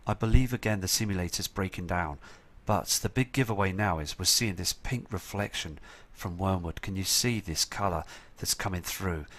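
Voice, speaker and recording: Male host with a somewhat low voice, urgent and earnest, talking over viewer photos. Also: fairly bright tone. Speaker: channel host.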